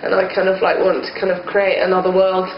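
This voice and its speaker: A woman's voice: on the low side, completely flat delivery, fast talker. A woman in a band, musing hesitantly in a casual interview and often saying "kind of". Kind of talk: casual chat. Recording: muffled, noisy, echoey old recording.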